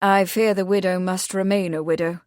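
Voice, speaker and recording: A woman's voice: on the low side, fairly even intonation, moderate pace, clear, resonant tone, no room sound, studio quality, natural voice. Woman voicing a grim, stern constable. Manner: grim, firm, forceful.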